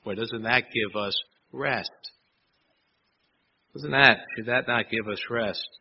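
A man delivers a sermon in an easy, conversational manner and keeps checking in with his listeners through rhetorical questions. His voice sits at an ordinary middle pitch for a man. The recording sounds a little dull, with faint noise underneath. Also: slow, creaky. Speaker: pastor.

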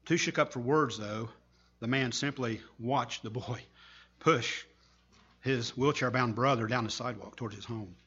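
A man preacher giving a sermon, telling a story with earnest, slow, emphatic pauses. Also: mid-range voice, sharp tone, husky, muffled recording.

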